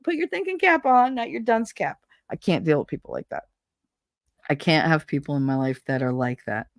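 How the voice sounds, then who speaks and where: A woman's voice: lowish voice, no room sound. A middle-aged woman live-streaming, chatting casually and reading out viewer comments, blunt, profane and sarcastic, often laughing.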